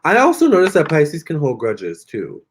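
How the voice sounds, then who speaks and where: A man's voice: on the high side, huge pitch swings, moderate pace, a little hiss or hum. A young man hosting a live tarot stream, chatting casually and reading out viewers' comments with lots of fillers and restarts.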